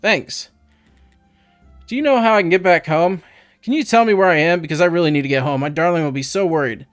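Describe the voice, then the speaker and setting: A man's voice: a little high, brisk, smooth, dry recording, faint music behind, lightly acted. A man voicing a lost, polite young male newcomer in a game, asking earnest questions.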